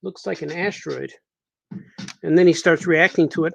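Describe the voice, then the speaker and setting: A man's voice: a little high, fairly even intonation, normal speed, gravelly, lo-fi sound. A man, a cartoonist, chatting casually on a live stream while he draws, repeating himself as he works.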